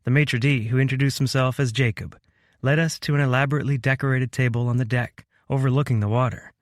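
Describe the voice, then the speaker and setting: A man reads a romance audiobook in the first person with an earnest, gentle delivery at a middle pitch. The recording is dry and close, made in a quiet booth. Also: fairly even intonation, fast, dry recording. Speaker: audiobook narrator. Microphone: close studio mic.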